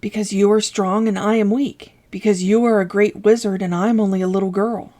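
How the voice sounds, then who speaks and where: A woman's voice: steady tone, brisk, dark tone, close to an everyday voice. A woman voicing a meek, earnest young girl who pleads in a lifted voice in a storybook reading. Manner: earnest, pleading, raised pitch.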